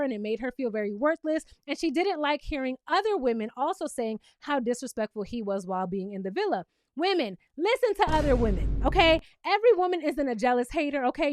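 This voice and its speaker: A woman's voice: high voice, no room sound. A woman recapping a reality show in casual, sassy commentary, talking straight to her viewers.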